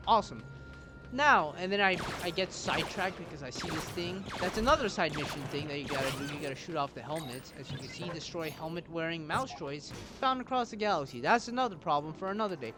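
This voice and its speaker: A man giving exasperated, self-mocking gameplay commentary, mixed with his own put-on voices for game characters. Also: high-pitched. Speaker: gaming YouTuber. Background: game music.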